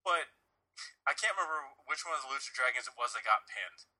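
A man hosting a casual podcast chat, rambling and animated, often laughing as he talks. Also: mid-range voice, a little fast, rough recording. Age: adult, married.

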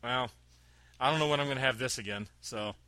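A man's voice: medium pitch, fairly quick, bright, forceful tone, dry recording. A man chatting casually on a podcast, telling a long story with laughs and acted-out quotes. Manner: rambling, laughing, acts out quotes.

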